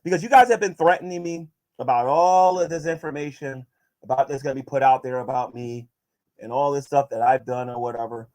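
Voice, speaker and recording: Medium in pitch and a little mellow, this man's voice carries a casual vlog monologue. He answers viewer questions and takes on his critics combatively, frequently starting his sentences over.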